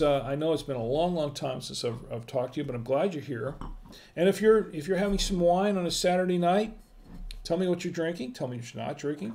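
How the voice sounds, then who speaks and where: A man's voice: fairly high pitch, vocal fry, a little mellow. A middle-aged man hosting a casual live-stream wine tasting, chatting with viewers in the chat and greeting them by name.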